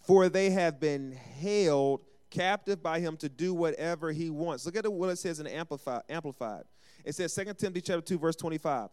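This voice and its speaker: A man's voice: fairly high pitch, fairly quick, a little mellow, smooth. A man preaching a sermon as pastor, calling for amens and acting out short everyday exchanges. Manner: call-and-response preaching with acted asides.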